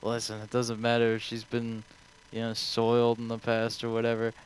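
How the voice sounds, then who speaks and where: A man's voice: medium pitch, monotone, normal speed, clear, resonant tone, natural voice. A young American man quoting a preachy wedding pastor who lectures about past sins. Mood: lecturing. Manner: lecturing, sermonizing.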